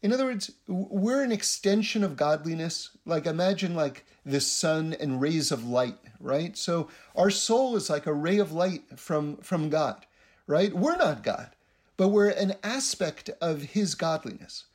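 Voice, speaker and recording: A man's voice: on the high side, very animated, measured pace. A man giving a casual spiritual teaching, rambling and often repeating his words.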